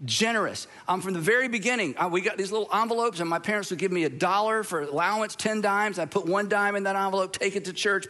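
A man's voice: high-pitched, pushed and bright. An American man, middle-aged, preaching a sermon in a conversational storytelling way with humorous asides. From United States. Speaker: pastor.

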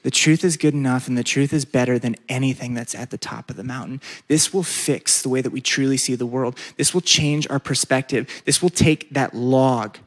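A man preaching a sermon, stretching out repeated words for emphasis and leading the congregation in call-and-response. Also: mid-range voice. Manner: emphatic, drawn-out repetitions, leads call-and-response. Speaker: pastor.

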